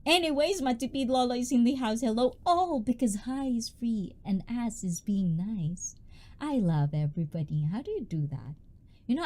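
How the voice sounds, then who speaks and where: Bubbly woman streaming live. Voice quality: high-pitched. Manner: loud, bubbly, chatty, greets viewers by name. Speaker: livestream host. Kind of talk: casual livestream chat.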